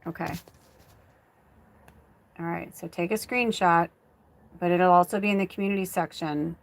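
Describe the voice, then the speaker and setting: A woman working as a spiritual medium, talking in a chatty, animated way on a live-stream reading and calmly coaching listeners with encouraging affirmations. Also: lowish voice, moderate pace, gravelly. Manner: chatty, animated, sprinkles in "like" and "you know".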